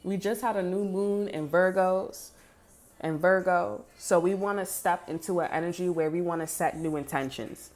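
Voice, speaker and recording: A woman's voice: on the low side, normal speed, darkish tone. Woman doing a tarot reading, swears a lot, heated and blunt, faint music behind her. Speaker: tarot reader. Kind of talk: casual spoken tarot reading.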